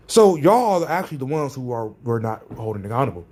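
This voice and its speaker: A man's voice: medium pitch, sing-song, fast talker, a little mellow. A man ranting in a vlog, sarcastic and combative, often repeating his phrases for emphasis. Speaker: vlogger. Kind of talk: ranting commentary.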